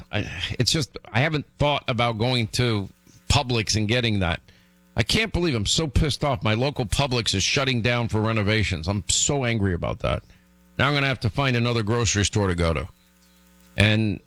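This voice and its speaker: A middle-aged man hosting a radio show, telling rambling comic stories and teasing his co-host. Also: no room sound. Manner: animated, teasing, jumps up in pitch for exasperated asides. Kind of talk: rambling comic storytelling on air.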